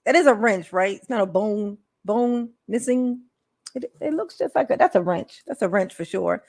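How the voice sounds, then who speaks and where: A woman's voice: mid-range voice, animated, normal speed, darkish tone. A woman live streamer, chatting casually with viewers, rambling and laughing often.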